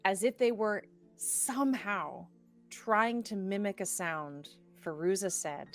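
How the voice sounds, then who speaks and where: Slow-narrating woman game master. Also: mid-range voice, soft background music.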